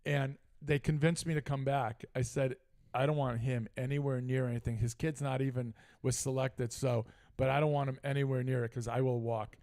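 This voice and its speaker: Middle-aged man, mid-pitched, casual talk-show storyteller who gets worked up retelling a feud. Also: moderate pace, few pauses. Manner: animated, heated retelling with frequent asides. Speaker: podcast co-host.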